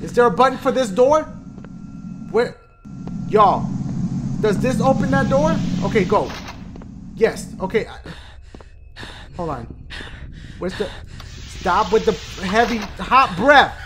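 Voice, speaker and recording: A man reacts loudly to a horror game, cursing and yelling whenever something startles him. His voice sits high and swings widely in pitch. A clear hum of noise runs under the recording. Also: takes it slowly, pauses often. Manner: loud, excitable, profane, jumps to shouts when scared. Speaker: gaming video host. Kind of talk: horror game let's play commentary.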